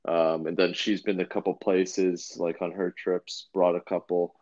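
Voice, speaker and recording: A man's voice: sits low, level tone, normal speed, a little mellow, muffled recording. A man co-hosting a podcast in casual chat, rambling and laid-back with lots of fillers and restarts. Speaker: podcast co-host.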